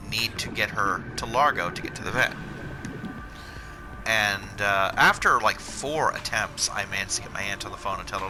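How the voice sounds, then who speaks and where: A man's voice: lowish voice, moderate pace, music in the background, low-quality recording. A man telling a long casual story in a rambling, profane way, with frequent asides. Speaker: vlogger.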